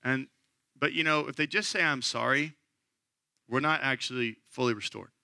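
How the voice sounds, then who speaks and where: A man's voice: medium pitch, normal speed, gravelly, sharp tone, no echo, studio quality. A man in his thirties, a pastor giving an earnest, conversational sermon. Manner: earnest, conversational preaching that rises to impassioned.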